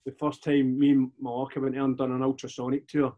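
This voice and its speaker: A man in his forties with a Glaswegian accent, a guest chatting casually in a halting, rambling way with many restarts. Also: medium pitch, completely flat delivery, warm tone, lo-fi sound. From Scotland. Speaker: podcast guest, DJ. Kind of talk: casual chat.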